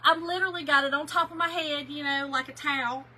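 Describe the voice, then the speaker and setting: A woman's voice: sits high, fairly even intonation, fast, bright, forceful tone, a little hiss or hum, low-quality recording. A woman, telling an emotional story in a chatty way while she crafts on a livestream, and she tears up easily.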